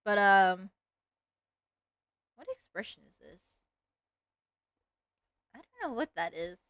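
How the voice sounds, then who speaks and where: A woman's voice: mid-range voice, very animated, slow, fairly bright tone, smooth, no echo. A woman streamer chatting casually while she draws, rambling along with lots of "like" fillers. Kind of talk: casual livestream chat while drawing.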